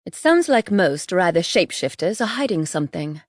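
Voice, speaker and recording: A man's voice: high voice, big pitch swings, fairly quick, dry recording, clean studio sound. A woman narrator voicing a serious male fairy ally who speaks curtly and evenly. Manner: curt, level.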